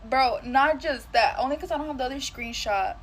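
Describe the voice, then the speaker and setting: A woman's voice: high-pitched, fairly quick, a little hiss or hum. A woman telling a dramatic storytime while getting ready, full of slang and swearing.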